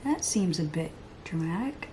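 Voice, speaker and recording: A woman's voice: on the low side, big pitch swings, moderate pace, darkish tone, slight background noise. A woman in her thirties chatting while doing her makeup at home, rambling and poking fun at herself, sometimes muttering or whispering asides. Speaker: beauty vlogger. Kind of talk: chatty get-ready-with-me makeup vlog.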